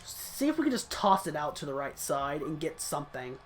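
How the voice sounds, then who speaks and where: Commenting on a football video game match he's playing, a male gaming channel host stays chatty and hard on himself, now and then breaking into brief laughs. He speaks at a moderate pace in a slightly high, sing-song, fairly bright voice, with a little background noise.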